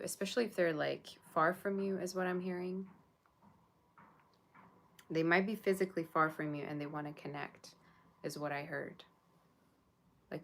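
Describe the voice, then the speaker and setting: A woman's voice: deep voice, creaky, fairly bright tone. A woman doing a live tarot reading, chatting casually with her viewers. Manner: chatty, talks to viewers and chat. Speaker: tarot reader.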